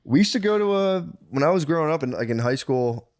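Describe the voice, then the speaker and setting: A man's voice: on the high side, expressive, fast, darkish tone. A man in his thirties telling rambling, comedic stories as a podcast co-host, full of fillers. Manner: rambling storytelling with lots of fillers. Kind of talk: casual comedic chat.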